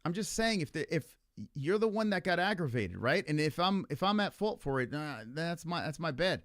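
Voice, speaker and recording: A man talks through a livestream in casual, argumentative chat, his pitch swinging up and down a lot. He rambles, swears freely and leans on filler words. His voice is dry and close, with no room sound. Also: lively intonation, normal speed, fairly bright tone, dry recording. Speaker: livestream host.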